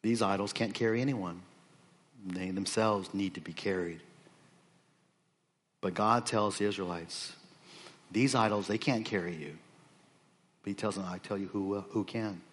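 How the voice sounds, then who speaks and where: A man's voice: on the low side, moderate pace, pauses often. Man preaching an expository sermon. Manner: unscripted, many restarts and fillers, reads scripture aloud.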